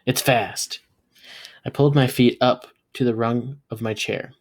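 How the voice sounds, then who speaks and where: A man, a teacher, reading a novel aloud and bringing the dialogue to life with sudden jumps in pitch and loudness. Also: moderate pace. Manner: lively, voices characters with jumps in pitch and loudness. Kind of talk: read-aloud storytelling.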